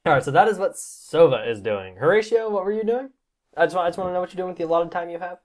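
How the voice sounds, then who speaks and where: A woman with a low voice runs a tabletop game for friends. She jokes and teases her players between rulings. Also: expressive, a little mellow. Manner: joking, teasing, quick asides. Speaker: game master.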